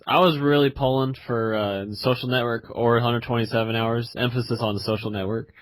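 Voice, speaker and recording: A man's voice: mid-range voice, fairly even intonation, fairly quick, dry recording. A man co-hosting a podcast in casual chat, rambling with lots of fillers. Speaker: podcast co-host.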